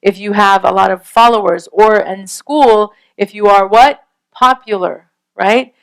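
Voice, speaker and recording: A woman's voice: medium pitch, measured pace, rough recording. A woman giving an earnest, conversational talk on parenting and faith, often checking in with her listeners with a rhetorical question. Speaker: Islamic parenting speaker. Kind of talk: casual lecture.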